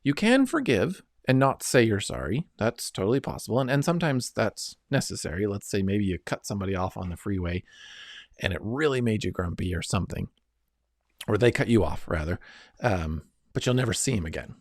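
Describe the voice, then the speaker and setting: This earnest self-help lesson comes from a middle-aged man who walks listeners through each step and regularly checks in with "right?" and "okay?". His voice sits on the low side with big pitch swings and a fairly quick pace, captured in studio quality without room sound.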